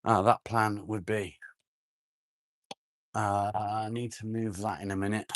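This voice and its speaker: A man's voice: fairly low pitch, flat delivery, slow, slight background noise. A man hosting a casual live stream outdoors on a phone, chatting with viewers, humming and muttering to himself as he reads the chat. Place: outdoors, sitting in a chair near the house.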